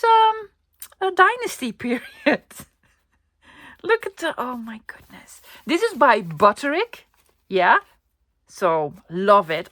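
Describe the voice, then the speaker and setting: A middle-aged woman, chatting excitedly to camera about her thrift finds and often dropping to a whisper. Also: lowish voice, no echo. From Netherlands. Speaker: vlogger showing a thrift haul. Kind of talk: casual chat to camera.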